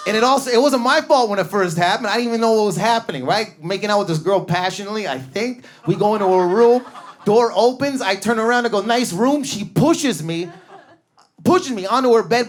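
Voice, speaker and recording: A man in his thirties doing an animated stand-up comedy set on a club stage, telling stories with bursts of energy and acted-out voices. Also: fairly quick. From Canada. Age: 30s. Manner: high-energy, animated storytelling with sudden volume swings and acted-out voices.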